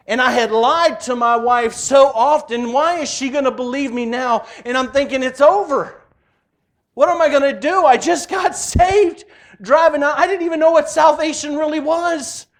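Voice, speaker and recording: A man in his forties giving a passionate personal testimony in church, swinging between loud cries and hushed tones. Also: very high voice.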